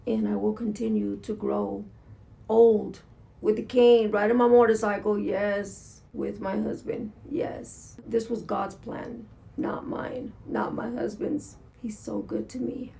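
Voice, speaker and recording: A woman's voice: medium pitch, creaky, dark tone, breathy edge. A woman talking in a candid, emotional, rambling vlog monologue about her own life, recorded at home. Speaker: motorcycle vlogger.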